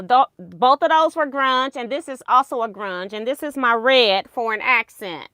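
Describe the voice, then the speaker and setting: A woman's voice: on the high side, bright, forceful tone, no echo, clean studio sound. A woman hosting a casual quilting livestream, chatty and rambling, laughing at her own mistakes.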